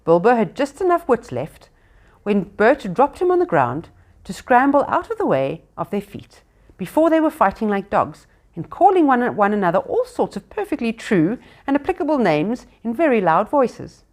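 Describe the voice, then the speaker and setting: A woman reading a storybook aloud to children, expressive and unscripted, with small slips. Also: a little high, normal speed. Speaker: reader to children.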